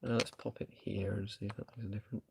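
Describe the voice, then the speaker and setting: A man's voice: on the low side, level tone, fast, vocal fry, noisy background. A man doing a casual live stream, chatting and thinking aloud while he tests equipment.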